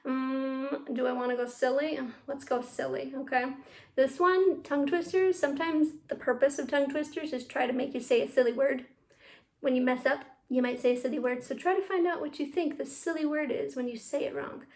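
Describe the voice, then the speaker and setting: Speaking briskly in a high, darkish voice, a drama teacher runs tongue twisters for children during a virtual youth theatre class. She's encouraging and upbeat, using her computer mic on a video call at home.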